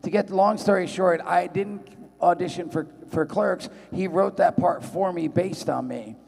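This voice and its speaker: Profane storyteller in a big hall. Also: male voice, high voice, normal speed, gravelly. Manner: profane, rambling, animated voices in quotes. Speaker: convention panel guest. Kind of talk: storytelling to a live audience. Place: large convention hall. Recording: long hall reverb.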